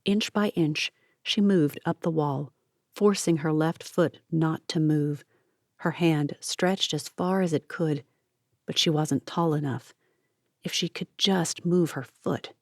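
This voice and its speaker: A woman narrating an audiobook in a steady, measured reading voice. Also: low-pitched, no room sound, studio quality. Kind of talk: scripted narration.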